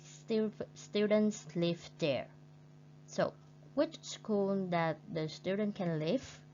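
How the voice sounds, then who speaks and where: A woman English teacher with a Vietnamese accent, leading a recorded lesson slowly and repeating words for her learners. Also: lowish voice, a little mellow. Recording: dull lo-fi recording with faint hum.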